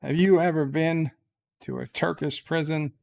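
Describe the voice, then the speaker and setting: A man voicing a scheming, blunt starship captain who mocks and shouts down a young crewman in a comic skit. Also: on the high side, steady tone, normal speed, gravelly. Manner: brash, mocking, loud outbursts.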